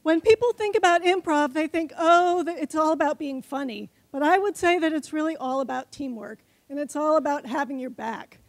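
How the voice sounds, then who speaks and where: High-voiced woman giving a talk. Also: normal speed, hardly any pauses, dry recording. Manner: chatty, coaxing, speaks straight to the audience. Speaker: conference speaker. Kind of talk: short timed conference talk leading an audience exercise. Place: conference stage before a live audience.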